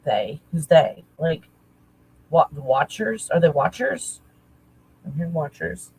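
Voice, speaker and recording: A woman talking casually as a spiritual teacher, halting and searching, correcting herself often. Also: low voice, animated, a little mellow, slight background noise, low-quality recording. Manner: halting, searching, self-correcting with nervous laughs. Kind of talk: casual channeling talk.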